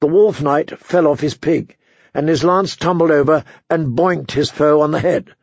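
Gravelly man narrating a fantasy story. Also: fairly high pitch, normal speed, no room sound, lo-fi sound. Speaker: audiobook narrator. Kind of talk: scripted narration.

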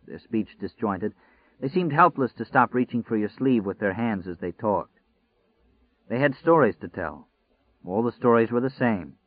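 A man with a lowish voice reads an audiobook in a measured, deliberate way. The sound is dry and close, with no room around it. It comes through a narrow, phone-like band. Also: dry recording. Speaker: audiobook narrator. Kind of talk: scripted audiobook narration.

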